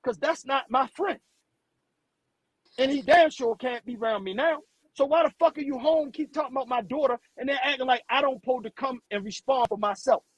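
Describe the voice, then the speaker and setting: A man's voice: very high voice, a little fast, breathy edge, dry recording, poor audio. A man hosting a live stream, delivering a blunt, profane rant and stumbling over repeated words when riled. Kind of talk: heated livestream rant.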